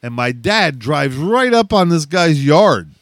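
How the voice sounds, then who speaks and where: A middle-aged man spins a rowdy story in casual chat, animated and quick to laugh. His voice sits a bit high for a man, and the sound is dry and close. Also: dry recording. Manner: animated, swears freely, laughs often.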